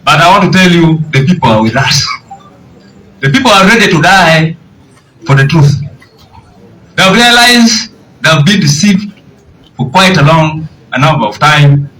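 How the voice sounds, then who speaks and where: A man's voice: a little high, animated, moderate pace, pauses often, bright, forceful tone, a little hiss or hum. A man with a Ugandan English accent, a party official speaking indignantly at a press conference with rhetorical questions. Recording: distant mic, faint outdoor ambience.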